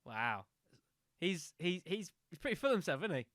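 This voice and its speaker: A man's voice: sits high, very animated, normal speed, fairly bright tone, no echo. A man giving live commentary while he streams a game, reacting with disbelief and dry sarcasm.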